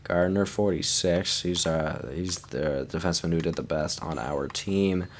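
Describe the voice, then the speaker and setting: A man's voice: low voice, a little slow, a little hiss or hum. A young man casually commenting on his hockey video game franchise, tired and yawning, chatting to his viewers. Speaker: gaming YouTuber.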